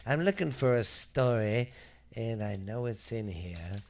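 A man's voice: medium pitch, lively intonation, unhurried, darkish tone. A middle-aged man co-hosting a ghost story podcast, joking around in crude, playful casual chat. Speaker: podcast co-host.

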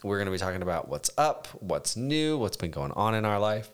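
A man co-hosting a casual home podcast, relaxed and rambling, his voice congested and a little raspy from a cold. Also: fairly low pitch, brisk. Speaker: podcast co-host. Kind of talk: casual chat. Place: home dining room table.

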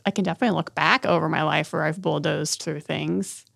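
A woman's voice: sits low, steady tone, brisk, vocal fry, a bit bright, no room sound, clean studio sound. A woman in her thirties co-hosting a casual chat, with a wry, teasing manner and frequent laughs.

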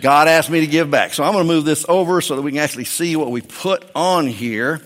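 A man preaching a sermon in a church, with a fairly high voice. He talks in a folksy, joking way with his congregation. The sound carries the long reverb of a large hall. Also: fairly quick, fairly bright tone. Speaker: pastor.

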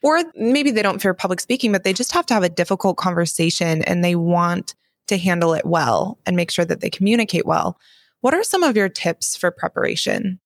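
A woman podcast host asking her guest a question in a measured, conversational way. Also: on the low side, lively intonation, no room sound, clean studio sound. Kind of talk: interview question.

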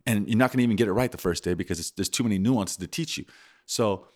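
A man's voice: lowish voice, fast. A young man in casual podcast chat, telling stories and acting out his own reactions. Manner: animated storyteller, acts out his own reactions. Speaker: podcast co-host.

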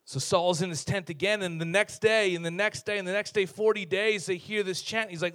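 High-voiced, lively male preacher. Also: brisk, few pauses. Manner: lively, conversational, humorous storytelling. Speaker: pastor. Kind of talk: sermon.

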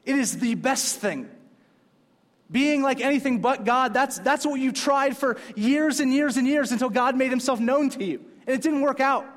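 Heard in a hall with long reverb, a male pastor speaks in a very high voice with lively intonation and an unhurried pace. His sermon stays casual and chatty but rises to emphatic peaks on the key points.

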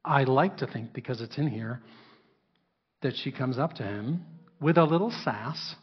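A male pastor preaching to his congregation. He asks them questions and briefly acts out biblical characters. His voice is slightly high and husky, and it carries a long reverb in a dull-sounding church hall. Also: lively intonation, normal speed. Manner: interactive, asks the congregation to answer. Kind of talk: sermon.

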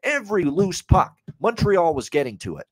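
A man's voice: sits high, sing-song, normal speed, no echo. A man co-hosting a sports betting podcast, ranting in heated, casual talk and swearing freely.

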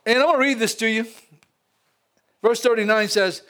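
Louisiana pastor, high-pitched male voice, lively preaching style. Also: normal speed, pauses often. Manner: lively preaching with frequent laughs and call-outs to the congregation. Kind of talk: sermon.

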